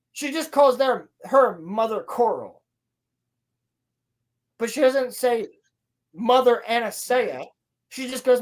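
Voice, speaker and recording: A woman hosting a podcast, recapping a TV episode in a sarcastic, profane, mocking way. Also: on the high side. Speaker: podcast host reviewing a TV episode.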